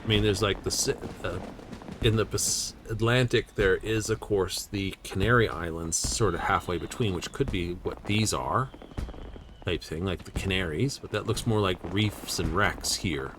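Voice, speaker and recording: Low-voiced man musing on a game stream. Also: moderate pace, background noise. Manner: rambling, thinks aloud while studying a map. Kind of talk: casual game-stream commentary.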